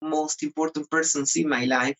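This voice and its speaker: A man from the Mayan highlands, an author being interviewed, speaking earnestly with frequent restarts and repeated words. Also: steady tone, a bit bright, poor audio. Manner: earnest, halting, with many restarts. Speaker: author and guest. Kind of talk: interview conversation.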